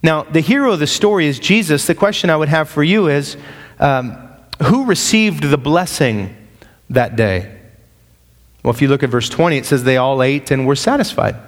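A man's voice: on the high side, lively intonation, normal speed. A man preaching a sermon, walking through verses in a conversational way with joking asides. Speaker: pastor. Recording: long reverb of a large hall.

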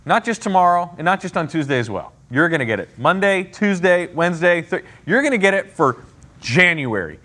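A man leads a casual Bible study in a conversational way, often checking in with his listeners. His voice is animated and rises and falls widely in pitch. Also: fairly quick. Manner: conversational, frequent "right?" and "okay?" check-ins.

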